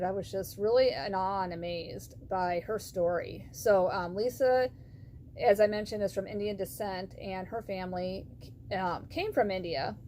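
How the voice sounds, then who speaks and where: A middle-aged woman tells a personal story of faith in a heartfelt, meandering way, full of ums and restarts. Her voice sits at an ordinary pitch for a woman. A faint noise runs underneath. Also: darkish tone. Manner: heartfelt, rambling with many fillers. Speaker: vlogger.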